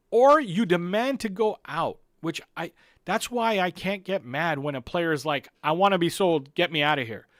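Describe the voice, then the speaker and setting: High-voiced man ranting about football, dry sound. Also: a bit bright, no echo. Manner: emphatic, repeats points, addresses viewers directly. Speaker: football channel host. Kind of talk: live-stream fan commentary.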